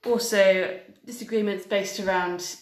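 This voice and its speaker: A woman's voice: mid-range voice, fairly even intonation, measured pace. A woman with an English accent co-hosting a casual podcast, making wry, dry remarks. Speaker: podcast co-host. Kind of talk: casual chat. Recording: echoey room.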